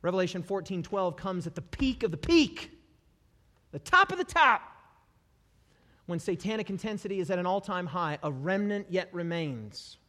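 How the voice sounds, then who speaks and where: A male preacher giving a sermon to a live congregation, animated and repetitive, dropping humorous asides. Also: high-pitched, a little fast, few pauses. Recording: long hall reverb.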